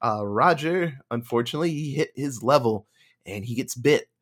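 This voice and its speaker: A man's voice: medium pitch, moderate pace. A man casually retelling a movie plot on a podcast, acting out bits of dialogue and laughing as he goes. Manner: animated retelling with acted-out quotes and laughter. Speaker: podcast co-host. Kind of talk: casual movie review chat.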